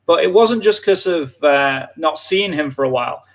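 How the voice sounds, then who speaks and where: Speaking at a normal speed in a fairly high, expressive voice, a man from England who teaches English talks casually on a live lesson. Filler "like" turns up constantly in his relaxed chatter.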